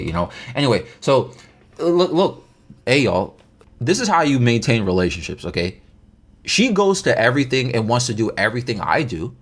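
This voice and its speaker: Man rambling through a story, lively pitch. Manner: rambling, stammering restarts, slangy. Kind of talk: casual story time.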